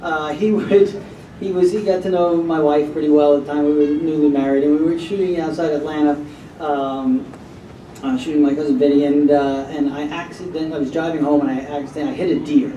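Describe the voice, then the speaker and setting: High-voiced guy rambling through a story, echoey hall, mic far off. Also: a little fast, lo-fi sound, slight background noise. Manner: animated, rambling, with many fillers. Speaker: actor telling anecdotes on a panel. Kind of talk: casual storytelling to an audience.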